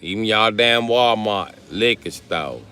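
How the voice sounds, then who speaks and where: In a relaxed live stream from South Carolina, a man goes through comments and tosses crude jokes back and forth with viewers. His lowish voice is unhurried, pushed and bright. The sound is clean.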